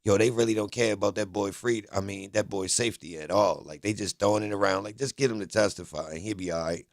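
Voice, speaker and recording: A man's voice: fairly low pitch, fast, no room sound, clean studio sound. A man hosting a livestream, talking bluntly and profanely as he rants at his chat. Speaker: livestream host. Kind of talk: heated livestream commentary.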